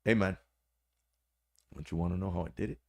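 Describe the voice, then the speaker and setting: Sly male jail inmate, offhand and slangy, low gravelly voice, as a storyteller quotes him. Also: a little fast, a little hiss or hum. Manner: casual, slangy.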